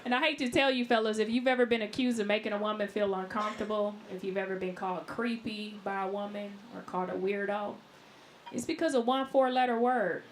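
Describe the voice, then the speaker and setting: A woman doing a brash, animated stand-up set in a live club, laughing at her own jokes. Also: medium pitch, brisk. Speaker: stand-up comedian. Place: live comedy club, New York. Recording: loud noise on a live club recording.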